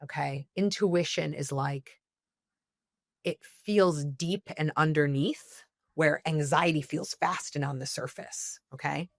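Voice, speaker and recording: Low-voiced woman coaching earnestly. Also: slow, no room sound, studio quality. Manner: earnest, coaching, checks in with "okay?". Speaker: guest therapist. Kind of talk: podcast conversation, giving advice.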